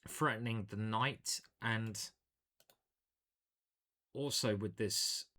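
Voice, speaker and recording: A man's voice: lowish voice, drawn-out words, pushed and bright. A man, a chess grandmaster, commentating live on his own online games in a chatty, self-deprecating way, thinking aloud at a home computer.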